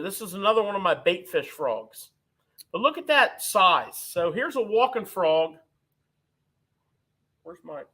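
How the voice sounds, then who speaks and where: Bright-voiced man hosting a tackle show. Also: high-pitched. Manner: talkative, explains gear hands-on. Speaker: tackle shop host. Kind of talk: casual live-stream chat. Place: tackle shop.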